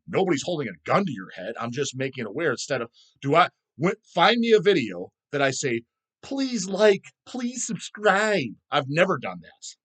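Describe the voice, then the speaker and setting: Guy ranting nonstop, swears every other word, mid pitch. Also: fairly bright tone. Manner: swears constantly, ranting and mocking. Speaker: channel host. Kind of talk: profane rant vlog.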